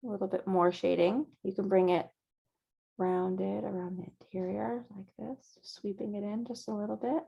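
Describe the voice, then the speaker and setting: A woman teaching a virtual painting class, guiding students gently step by step at a close mic. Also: medium pitch, fairly even intonation, moderate pace, gravelly, breathy edge, lo-fi sound. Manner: gentle, encouraging step-by-step guidance. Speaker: painting instructor.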